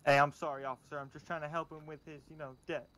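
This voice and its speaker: A man's voice: fairly high pitch, level tone, quick pace, crowd noise. A man playing a criminal's accomplice in a game role-play, easygoing and laid-back.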